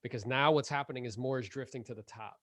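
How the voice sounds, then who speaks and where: Guy hosting a podcast, lively, lots of "like", mid pitch, dry close sound. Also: fast, no room sound. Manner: animated, laughs often, filler-heavy. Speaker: podcast host. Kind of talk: casual interview chat.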